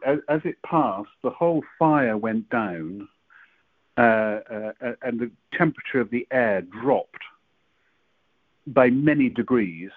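A man talking in casual chat, halting and stammering often as he recounts an experience. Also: medium pitch, husky, dry recording. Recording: dry tinny phone-like line.

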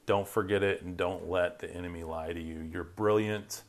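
A man's voice: deep voice, flat delivery, normal speed. A man hosting a Christian live stream, chatting casually and upbeat, reading viewer comments, his voice worn from talking. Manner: upbeat, rambling, reads viewer comments aloud. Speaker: Christian podcast host.

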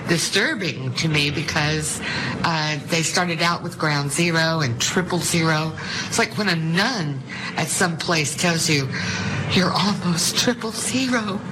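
A woman's voice: deep voice, measured pace. A woman answering in a TV interview, rambling and wandering as she searches for words. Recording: played TV clip with loud background noise.

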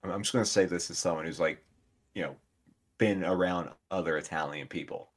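A man's voice: sits low, fairly quick. A young man co-hosting a podcast, sarcastic and swearing in casual mock rants. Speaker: podcast co-host. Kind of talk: casual review chat.

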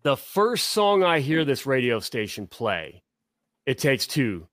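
A man's voice: medium pitch, big pitch swings, slow pace, a bit bright, no room sound, studio quality. A man from Tennessee and Ohio, co-hosting a casual sports chat, rambling through long stories and often stopping to restart. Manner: rambling, storytelling, self-interrupting. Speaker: podcast co-host.

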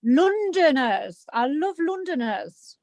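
A woman's voice: sits high, very animated, slow pace, darkish tone, no room sound. A woman in casual conversation, chatty and giggly, using British slang. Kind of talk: casual chat.

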